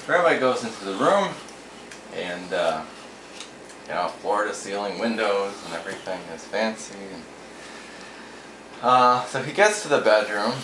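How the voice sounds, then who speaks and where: A man casually telling a string of jokes, relaxed and chatty, now and then acting out the people in them. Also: fairly low pitch. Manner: relaxed storyteller, acts out voices in quotes. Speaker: joke teller. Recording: echoey room with faint noise.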